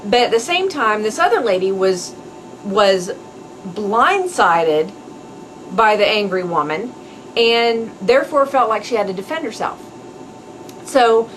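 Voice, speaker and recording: A woman hosting a podcast, telling a story in a chatty, animated way with asides. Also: a little high, slight background noise, poor audio. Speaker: podcast host. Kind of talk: casual storytelling monologue.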